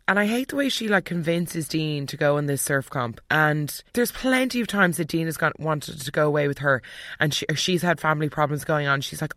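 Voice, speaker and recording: A speaker hosting a casual TV episode recap, chatty and opinionated, acting out the characters' lines in quick asides. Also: mid-range voice, a bit bright, dry recording, studio quality. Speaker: soap opera recap host.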